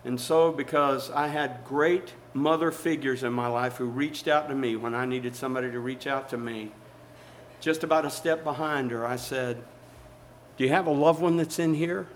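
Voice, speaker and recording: A man's voice: medium pitch, moderate pace, slight background noise, poor audio. A man preaching a sermon as a pastor, emphatic and storytelling, calling out to the congregation.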